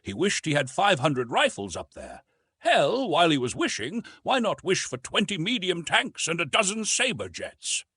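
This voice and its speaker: Husky, animated male storyteller. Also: normal speed, few pauses, no room sound. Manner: animated storytelling with lively rises in pitch. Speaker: audiobook narrator. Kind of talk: scripted narration of a science fiction story.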